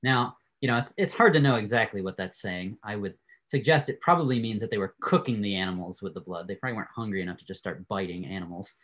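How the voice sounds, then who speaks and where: A man giving a Bible class lecture, telling the stories in an animated way and often laughing. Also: fairly low pitch, fast, highs cut off. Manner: animated storytelling, frequent laughs.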